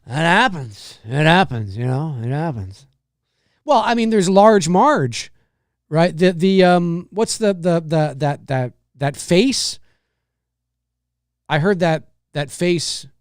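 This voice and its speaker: An animated male voice comes across in clean studio sound with no room tone. He's hosting a livestreamed talk show, chatting and reading comments from viewers while rambling, restarting, and repeating phrases, and he breaks into slow, low impressions and squeaky high mimicry.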